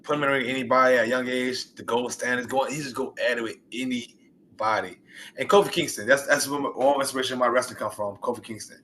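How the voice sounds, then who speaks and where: Bright-voiced excited wrestler guest. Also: male voice, mid-range voice, quick pace, slight background noise. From US Gulf Coast. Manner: animated, rambling, excited storytelling. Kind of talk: casual interview.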